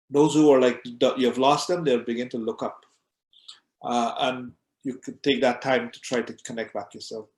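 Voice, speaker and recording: A man, an imam, teaching a class in a conversational way, often repeating words as he goes and acting out short examples. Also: medium pitch. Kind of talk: conversational lecture. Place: mosque classroom. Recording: echoey room.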